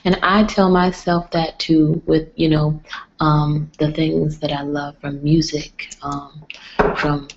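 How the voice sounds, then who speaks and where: Woman talking low and slow at night. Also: level tone. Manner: keeps her voice down, often near a whisper. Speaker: vlogger hosting a late-night live stream. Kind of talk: casual live-stream chat with motivational talk. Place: home at night with others asleep. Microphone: computer mic on a live video stream. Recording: dull lo-fi stream audio.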